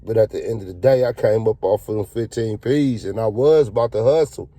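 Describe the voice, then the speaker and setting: A man's voice: fairly low pitch, fairly quick, mellow, no echo. A man telling a casual story in a slangy, profane, laid-back way.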